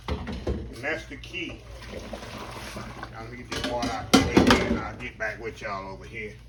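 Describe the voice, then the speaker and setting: A man's voice: mid-range voice, very noisy. A man hosting a casual cooking demonstration in a kitchen, folksy and talking straight to his viewers, repeating his catchphrases. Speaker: cooking show host. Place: home kitchen.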